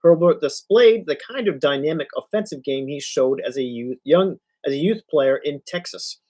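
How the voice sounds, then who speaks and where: A man's voice: a little high, expressive, normal speed, a little mellow. A man hosting a live reaction stream, reading posts and reports aloud with chuckles and many fillers. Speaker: livestream host. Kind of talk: casual live reaction commentary.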